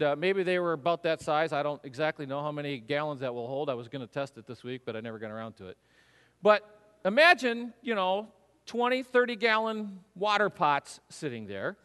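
Animated high-voiced male preacher in a hall. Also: smooth. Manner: animated storytelling, acts out voices. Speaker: pastor. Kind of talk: sermon.

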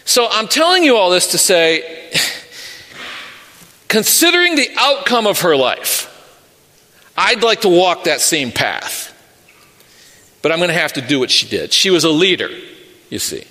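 Man, pastor, sermon, earnest, measured, long church reverb. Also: fairly high pitch, bright, forceful tone. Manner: earnest, storytelling, measured pauses. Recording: long reverb of a large hall.

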